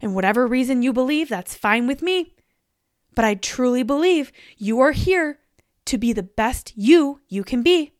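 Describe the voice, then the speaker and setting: High-voiced upbeat woman podcaster. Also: lively intonation, normal speed, dry recording, studio quality. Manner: upbeat, encouraging, talks straight to the listener. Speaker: podcast host. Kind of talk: motivational pep talk.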